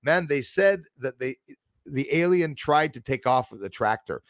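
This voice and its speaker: A man hosting a casual chat, telling stories in an excitable, animated way. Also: mid-range voice, normal speed, no echo, clean studio sound. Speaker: podcast host.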